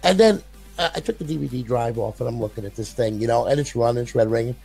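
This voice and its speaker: A man's voice: medium pitch, fast, creaky, darkish tone, husky, faint music behind. An older man, a console modder, telling a long story in a casual, rambling way, often repeating his words and swearing.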